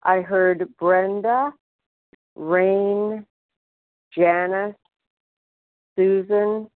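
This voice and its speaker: A woman's voice: mid-range voice, fairly even intonation, drawn-out words, dry recording. A woman chairing a recovery meeting over the phone, polite and procedural. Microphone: phone call. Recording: tinny phone line.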